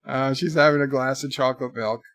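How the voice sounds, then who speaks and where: A man hosting a casual livestream, rambling through deadpan joke answers to viewer messages in a put-on mock accent. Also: medium pitch, fairly quick, dry recording, clean studio sound. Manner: rambling, jokey deadpan nonsense. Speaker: livestream host.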